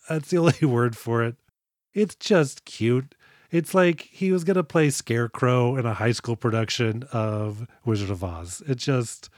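A man's voice: mid-range voice, a little mellow, no echo. Man, podcast co-host, comedic movie chat, laughs mid-sentence, dry close mic.

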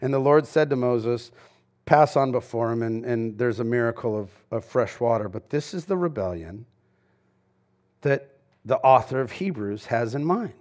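A man's voice: mid-range voice, lively intonation, normal speed, a little mellow. A man, a pastor, giving a sermon in a casual, conversational way with slang asides. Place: church.

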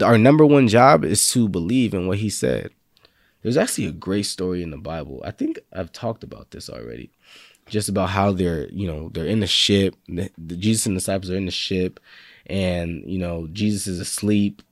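Young guy preaching casual, slangy and fired up, lowish voice, dry close sound. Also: dry recording. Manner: laid-back slangy preaching, rising to fervent confessions. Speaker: faith vlog host. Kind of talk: casual motivational faith talk.

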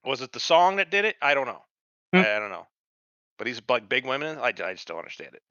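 Podcast co-host, man, bright and forward, dull dry recording, rambling and profane. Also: mid-range voice, fast talker, smooth, no echo. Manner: rambling, swears a lot, lively. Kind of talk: casual profane chat.

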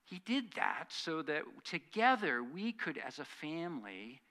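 Bright-voiced man preaching a sermon. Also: on the high side, very animated, measured pace. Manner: earnest preaching that swings from loud emphasis to quiet asides. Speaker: pastor.

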